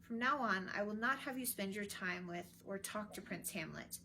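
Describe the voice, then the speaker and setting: A woman's voice: mid-range voice, moderate pace, sharp tone, a little hiss or hum. A woman voicing a stern old royal adviser lecturing his daughter in a storybook reading. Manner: lecturing, commanding.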